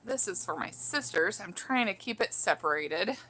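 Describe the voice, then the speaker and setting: Woman streaming from home, reading chat, giddy and giggly, bright voice. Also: medium pitch, lively intonation, normal speed, slightly rough, poor audio. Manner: giddy, laughing, reads comments aloud. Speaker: vlogger reading live chat. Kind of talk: casual livestream chat.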